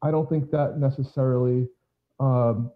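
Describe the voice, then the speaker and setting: A man of middling pitch makes his case in a casual debate, measured but tripping over repeated words. The sound is muffled, lo-fi voice call audio. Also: fairly even intonation.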